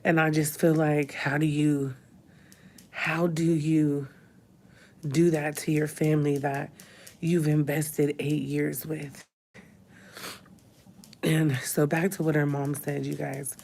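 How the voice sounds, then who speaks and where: Tearful woman with a low gravelly voice. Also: little pitch movement, slow pace, pauses often, a little mellow. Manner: tearful, talks through crying. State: crying. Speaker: vlogger. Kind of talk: emotional personal vlog. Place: hospital room.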